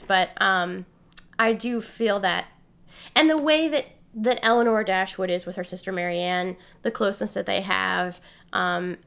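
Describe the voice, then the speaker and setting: A woman's voice: medium pitch, gravelly, fairly bright tone. A woman in her forties co-hosting a podcast in casual chat, rambling and correcting herself with many fillers. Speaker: podcast co-host.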